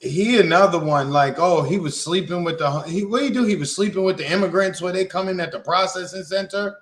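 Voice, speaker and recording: A man with a fairly high voice chats in a loose, slangy way. His talk is laid-back and conversational as he reacts to his co-host. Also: a little fast. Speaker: podcast co-host. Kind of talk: casual chat.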